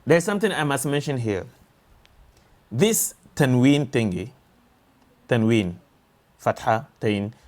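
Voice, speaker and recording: A man teaching a recorded lesson, explaining slowly and patiently, repeating each sound and drilling examples. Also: fairly low pitch, darkish tone. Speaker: Quran tajwid teacher.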